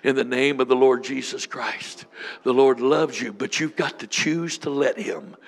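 Gravelly-voiced preaching bishop. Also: male voice, mid-range voice, unhurried. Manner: fervent, repeating prayers, speaking in tongues. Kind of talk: sermon with prayer ministry.

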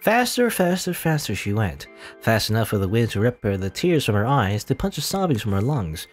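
Animated male let's play reader. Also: on the low side, brisk, faint music behind. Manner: casual, chuckling asides. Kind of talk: reading a game's text aloud with asides.

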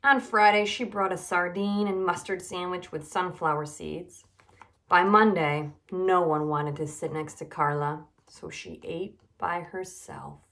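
A woman nutrition educator reading a children's storybook aloud, expressive and emphatic. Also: on the low side, a little slow.

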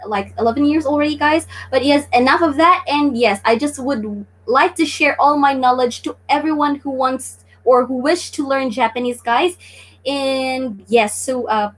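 A woman from the Philippines hosting a casual live-streamed Japanese lesson, chatty and full of fillers. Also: high-pitched. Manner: chatty, many fillers and "guys".

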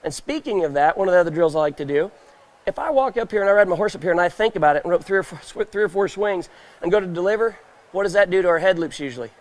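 High-voiced folksy roping instructor. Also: male voice, animated, fast talker. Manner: folksy, questions the crowd, acts out scenes. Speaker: roping clinician at a trade show stage. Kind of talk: live demonstration talk to a crowd. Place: indoor trade show stage, live audience.

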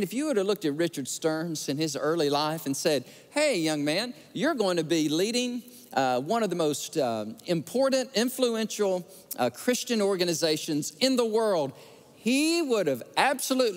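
Pastor preaching, acts out the quotes as he tells stories, voice a bit high, echoing through a big sanctuary. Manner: animated storytelling, acting out quotes. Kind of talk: sermon. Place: large church sanctuary. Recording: church sanctuary with long reverb.

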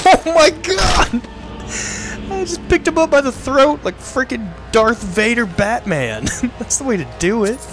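Goofy, high-pitched joking gamer guy. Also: gravelly. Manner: goofy, jokey, often laughing and yelling at enemies. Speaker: gaming video creator. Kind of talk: joking let's-play commentary, partly in character.

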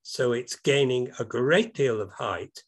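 A British man with a British English accent gives an informal slide talk over a video call, rambling and hesitant with many ums, then breaking into enthusiastic asides. His voice is medium-pitched and he takes his time.

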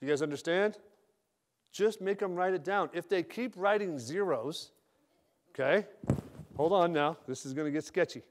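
A man's voice: fairly high pitch, moderate pace, pauses often. A man speaking as a sales manager at a company retreat, giving a direct, joking, casual motivational talk.

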